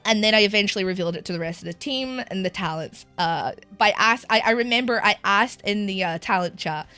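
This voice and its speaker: A woman's voice: mid-range voice, fairly quick, hardly any pauses, pushed and bright, clear, resonant tone, soft background music. A young British woman streaming live, with a sore throat, talking candidly and emotionally, near tears and laughing between sentences. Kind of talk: casual live-stream chat.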